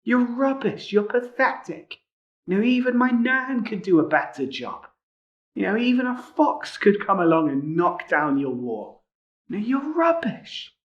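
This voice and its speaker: Jeering schoolyard bully voiced by a man, high sneering tone, sing-song taunts, muffled lo-fi sound. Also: big pitch swings, a little slow, a bit bright, heavily acted. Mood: taunting. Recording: muffled lo-fi recording.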